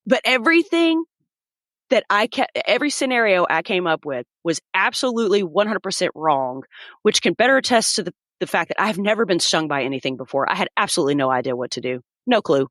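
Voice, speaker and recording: A woman's voice: lowish voice, very animated, fast talker, fairly bright tone, no echo, studio quality. Woman vividly retelling a frightening hike. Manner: vivid storyteller acting out voices. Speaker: guest. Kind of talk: personal story in an interview.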